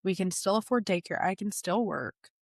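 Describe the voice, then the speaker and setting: A young woman, a podcast guest, retelling a personal story in a lively way and laughing often. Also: medium pitch, moderate pace, no room sound, clean studio sound. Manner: animated retelling, laughs often, acts out quotes.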